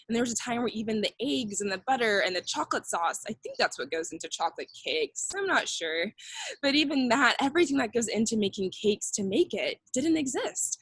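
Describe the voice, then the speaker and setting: A woman's voice: medium pitch, fairly bright tone, husky, dry recording, rough recording. A young woman teaching a children's church lesson, upbeat and simple, repeating phrases for kids to copy.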